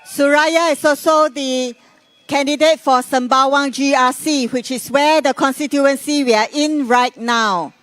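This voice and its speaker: Co-emcee, fairly high voice, dry close sound, call-and-response crowd announcing. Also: fairly even intonation, a little slow, fairly bright tone, no echo. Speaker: rally co-emcee. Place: outdoor rally field.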